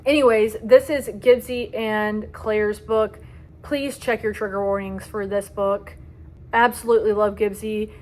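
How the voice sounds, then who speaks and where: A young woman giving a casual book review vlog, dramatic and gushing about the stories she loves. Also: a little high. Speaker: book vlogger.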